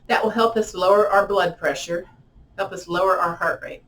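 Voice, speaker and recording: Middle-aged female yoga teacher, lower voice, gentle guided meditation with counted breaths. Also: fairly even intonation. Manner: slow, soothing cues with counted breaths. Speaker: yoga and tai chi instructor.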